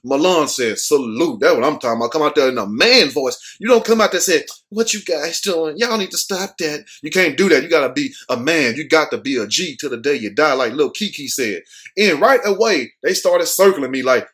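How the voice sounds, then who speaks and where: A man's voice: on the high side, animated, brisk, a bit bright. A man hosting a show, giving casual, joking news commentary full of cursing and street slang. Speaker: show host.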